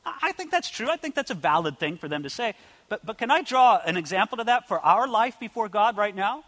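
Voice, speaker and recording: A male pastor delivering a sermon with a high, bright, ringing voice. He swings from loud, impassioned declarations down to soft, near-whispered asides. The sound carries a long reverb from a large church hall. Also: big pitch swings, brisk.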